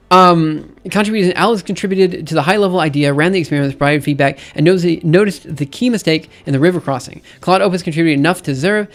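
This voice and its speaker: A man streaming, reading a research paper aloud and ranting about it in an exasperated voice that keeps repeating and restarting itself. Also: high voice. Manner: exasperated, repetitive, restarts often. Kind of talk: casual ranting commentary.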